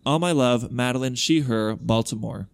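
A man's voice: medium pitch, normal speed, gravelly. Guy on a tv recap podcast reading out emails, casual and a bit wry. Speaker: podcast co-host. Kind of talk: reading listener emails aloud.

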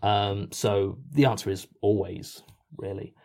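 A man's voice: on the low side, steady tone, measured pace, dark tone. A British man answering interview questions casually, hesitant with many fillers and dry self-mocking jokes. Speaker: podcast writer and performer.

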